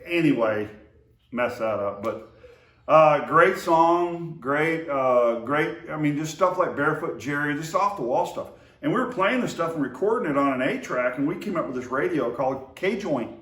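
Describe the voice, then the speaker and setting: A man from the Oklahoma–Texas area casually recalls old times about his brother, rambling with lots of fillers and restarts. His voice is fairly high, expressive, and a bit bright, moving at a normal speed. The recording is roomy and echoey, with him sitting far from the mic.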